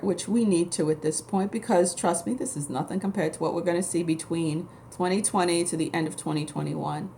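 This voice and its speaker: A woman's voice: on the low side, slight background noise. A woman from New York City, a spiritual vlogger who talks to camera in a blunt, emphatic, rambling way. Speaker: spiritual vlogger and Reiki practitioner. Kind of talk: casual rambling monologue to camera.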